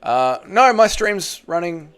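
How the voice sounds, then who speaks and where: A man's voice: high-pitched, sing-song, slow pace, noisy background. An Australian man hosting a casual fight-sports livestream, reading viewer comments aloud in a chatty, slangy, jokey way. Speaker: MMA channel livestream host.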